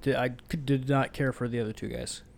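A man's voice: medium pitch, fairly even intonation, a little fast, gravelly, a little mellow. A man co-hosting a podcast, casually retelling film scenes with lots of fillers and swearing. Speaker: podcast co-host. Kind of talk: casual movie discussion.

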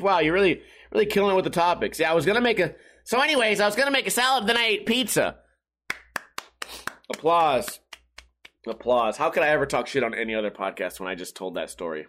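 High-pitched man, profane, sarcastic, rambling solo podcast host, self-mocking. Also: fairly bright tone. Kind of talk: casual solo podcast chat.

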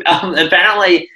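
Young Australian male radio co-host, sharp bright tone, chatty and playful. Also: high-pitched, poor audio. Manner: animated storyteller, laughs often. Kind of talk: casual radio banter.

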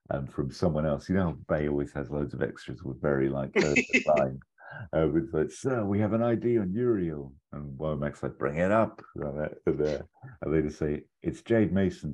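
A man's voice: very deep voice, a little mellow, breathy edge. A man, a podcast co-host, telling a long made-up film plot in casual chat. He rambles, acts out quoted lines and laughs as he goes.

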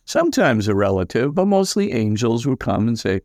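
An older man, a priest as guest, telling stories in an animated way and acting out the voices of the people in them. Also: lowish voice, moderate pace, dry recording, studio quality. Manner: lively, acts out quoted voices, many fillers. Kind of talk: animated anecdotal storytelling.

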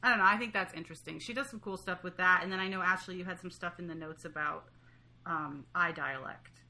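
A woman co-hosting a podcast, talking through a book in a relaxed, thoughtful way with hesitant restarts. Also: lowish voice, quick pace. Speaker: podcast co-host. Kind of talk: casual book discussion.

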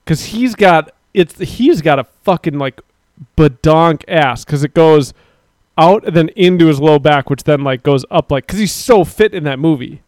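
A man's voice: fairly high pitch, expressive, moderate pace, darkish tone, no room sound, studio quality. A man co-hosting a livestream, bantering crudely, laughing often and reading chat aloud. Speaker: livestream co-host.

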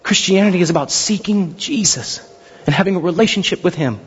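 Man, pastor, sermon, high voice, dull recording, long hall reverb. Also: brisk, slightly rough. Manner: animated storytelling, acts out biblical characters.

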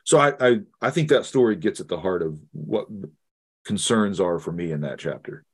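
A middle-aged man, a guest theologian, telling a personal story in an earnest, halting way with many restarts. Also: low-pitched, expressive, breathy edge. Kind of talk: reflective storytelling in conversation.

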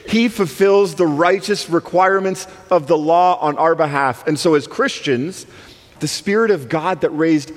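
A man preaching a sermon as guest speaker, emphatic, swinging between soaring lines and hushed ones. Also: fairly high pitch. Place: church sanctuary. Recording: long reverb of a church hall.

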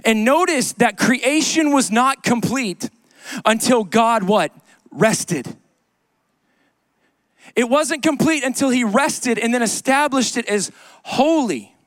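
A man's voice: high-pitched, no echo, studio quality. A man preaching a sermon to a congregation in church, conversational, with joking asides and repeated key lines. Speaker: pastor. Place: church sanctuary.

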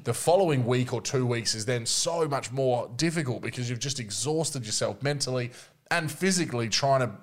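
A man's voice: mid-range voice, moderate pace. A man on a podcast talking earnestly about working through hard days, thinking aloud and swearing casually.

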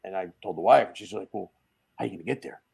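A man guest on a casual podcast, telling a lively story, acting out the quoted dialogue and laughing along. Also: deep voice, fast talker, creaky, breathy edge. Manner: animated storyteller who acts out quoted dialogue; laughs often mid-story. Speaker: podcast guest, dent repair technician. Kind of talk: casual chat.

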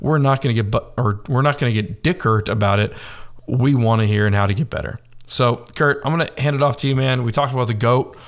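A man's voice: mid-range voice, quick pace. A man co-hosting a casual podcast, joking and upbeat as he urges listeners to leave reviews. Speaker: podcast co-host.

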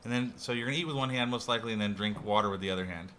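A man chatting as a podcast guest, halting and lighthearted, repeating words as he restarts. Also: fairly low pitch, bright, forceful tone, slight background noise. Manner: lighthearted, laughs easily. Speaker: podcast guest, competitive eater. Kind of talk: casual chat.

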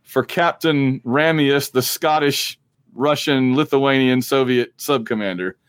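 A man co-hosting a casual movie podcast, talking in a rambling, jokey, animated way. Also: mid-range voice, a little slow, smooth, no echo. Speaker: podcast co-host.

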